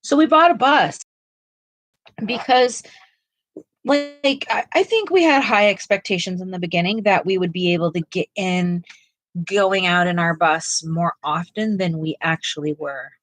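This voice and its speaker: A middle-aged woman talks casually while painting on a live stream, rambling with fillers and restarts. Her voice sits on the low side. The sound is dry, with no room around it. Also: a little slow, no room sound, rough recording. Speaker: co-host of live art stream.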